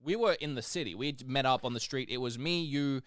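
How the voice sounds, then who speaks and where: Animated male podcast co-host, smooth tone, dry booth sound. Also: medium pitch, a little fast, dry recording. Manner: animated storyteller, laughs often. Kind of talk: casual chat.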